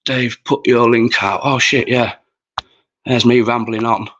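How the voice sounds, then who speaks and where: A man's voice: mid-range voice, little pitch movement, measured pace, fairly bright tone, dull audio. A man, chatting casually and swearing freely while hosting a livestream. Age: 40s. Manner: rambling, sweary, chatty with viewers. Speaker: livestream host.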